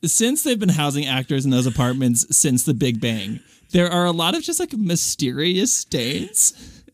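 A young man co-hosting a podcast in a playful, chatty way with quick asides. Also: fairly high pitch, very animated, no room sound, studio quality. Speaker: podcast co-host. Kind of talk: casual chat.

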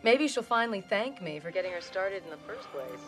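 An actress playing an elderly former heroine, wry and self-mocking, in a film clip with faint music. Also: female voice, medium pitch, lively intonation, brisk, natural voice. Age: older.

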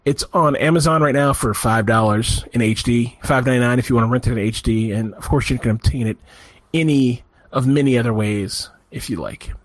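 A man's voice: mid-range voice, a little fast, no room sound. A man co-hosting a podcast, talking through a movie review in loose, rambling casual chat. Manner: rambling, animated, restarts a lot. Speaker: podcast co-host.

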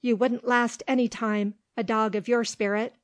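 A woman's voice: fairly high pitch, flat delivery, moderate pace, no echo, close to an everyday voice. A woman reading the lines of a timid, frightened little female dog in a storybook, in a shrinking, fearful way. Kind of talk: audiobook reading.

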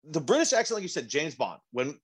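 Animated, blunt man chatting. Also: a little high, brisk, slightly rough. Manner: animated, blunt, profane, stumbles and restarts. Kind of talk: casual chat.

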